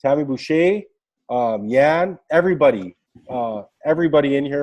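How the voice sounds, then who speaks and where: A man's voice: a little high, animated, moderate pace, muffled recording. A man on a group video call sharing a heartfelt, fervent motivational testimony, repeating "like" often and getting choked up. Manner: fervent, gets choked up, heavy use of "like". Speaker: team member sharing wins on a group call.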